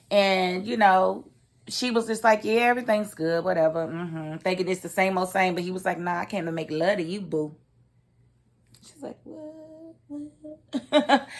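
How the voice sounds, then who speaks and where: A woman giving a casual, expressive recap of a TV episode, laughing and acting out the characters' lines. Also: medium pitch. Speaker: TV recap host.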